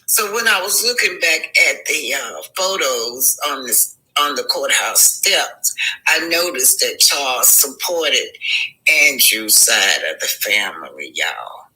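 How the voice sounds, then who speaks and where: A man's voice: medium pitch, animated, slow pace, bright, forceful tone, rough recording. A man giving casual, reflective vlog commentary on show clips, speaking straight to his viewers.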